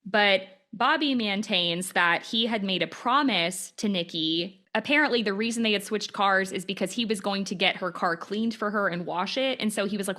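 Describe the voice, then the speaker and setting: A woman hosts a podcast in an easygoing, chatty way, walking through case details with frequent fillers. Her voice is bright and clear, set at a middle pitch for a woman. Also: moderate pace, hardly any pauses. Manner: recounts case details conversationally with many fillers. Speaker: podcast host. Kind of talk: casual true-crime chat.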